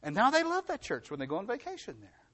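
A middle-aged male pastor delivering a sermon in a voice that sits high for a man. His pitch rises and falls widely as he preaches. He hammers his points home by repeating them and swings between loud, emphatic lines and hushed ones. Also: huge pitch swings, quick pace.

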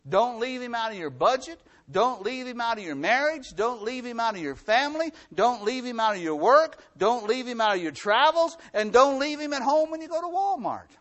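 A middle-aged male pastor delivering a sermon in a voice that sits high for a man. His pitch rises and falls widely as he preaches. He hammers his points home by repeating them and swings between loud, emphatic lines and hushed ones. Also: animated, normal speed, few pauses, lo-fi sound.

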